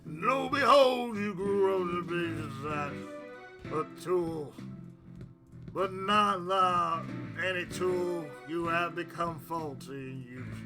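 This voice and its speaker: A streamer voicing a stern father who scolds his son, slow and mock-solemn, with game music playing behind. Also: mid-range voice, voice pushed down, natural voice.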